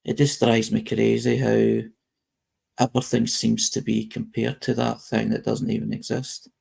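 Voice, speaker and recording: Gravelly-voiced British man chatting. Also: on the low side, completely flat delivery, moderate pace, a little mellow. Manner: rambling, reads posts aloud with frequent restarts. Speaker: host. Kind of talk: casual live-stream chat.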